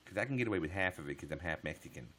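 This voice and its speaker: A man's voice: sits low, animated, very fast, a bit bright. A man live streaming, chatting casually with viewers in a joking, profane way.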